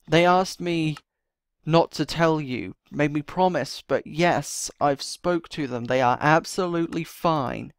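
In a game role-play, a series host speaks as his character, first muttering with sighs, then pleading urgently, breathless throughout. His voice is fairly high-pitched and slow. The sound is studio quality with no room sound.

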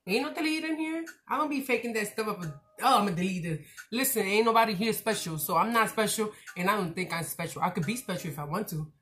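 Rambling, excitable woman vlogger. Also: mid-range voice, fast talker, faint music behind. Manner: rambling, talkative, animated and excitable; slangy, direct, says "y'all" and "your girl". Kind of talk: casual chat to camera.

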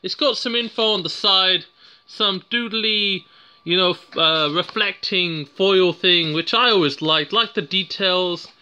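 Rambling british-accented guy reviewing stuff, jokes around, high and really bright voice. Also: a little slow, clean tone, highs cut off. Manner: rambling, jokey and self-mocking. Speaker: product reviewer. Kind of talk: casual unscripted product review.

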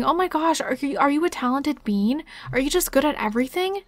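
A woman's voice: high voice, brisk, no echo, clean studio sound. A woman casually commentating her life-simulation game, chatty and giggly, talking straight to her viewers. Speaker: gaming YouTuber.

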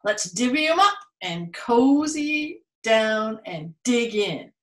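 A woman's voice: a little high, big pitch swings, slow. A woman voicing a friendly, grinning badger in a children's storybook, in a cheerful, inviting voice. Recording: roomy echo.

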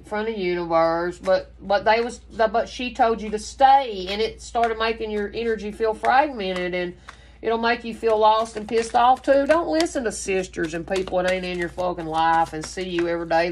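A woman's voice: mid-range voice, a little hiss or hum. A woman reads tarot cards in a casual spoken style. She talks in long, rambling runs and drops curse words freely. Her delivery is blunt and emphatic. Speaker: tarot reader.

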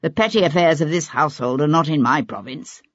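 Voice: mid-range voice, expressive, brisk, a bit bright, no echo. A reader voicing a cold, calculating older nobleman who speaks in a controlled, clipped way, in an audiobook. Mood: irritated. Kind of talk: audiobook character voice. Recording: dull lo-fi audiobook recording.

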